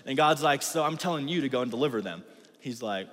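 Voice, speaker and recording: A man's voice: fairly high pitch, sing-song, fairly quick, fairly bright tone. A young man preaching to a youth group in a casual, slangy way, getting the crowd to repeat words back to him. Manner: casual slangy, call-and-response with audience. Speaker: youth pastor. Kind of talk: youth ministry sermon. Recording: reverberant hall.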